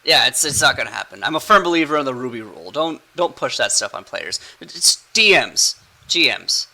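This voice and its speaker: A man's voice: medium pitch, very animated, brisk, bright, forceful tone, low-quality recording. A man hosting a casual podcast chat as game master, playful and rambling, laughing often.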